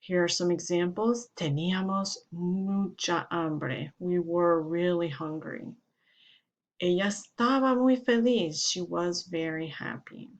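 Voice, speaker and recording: A woman's voice: lowish voice, fairly even intonation, takes it slowly. A woman Spanish teacher giving a grammar lesson, explaining steadily and following each example sentence with its translation.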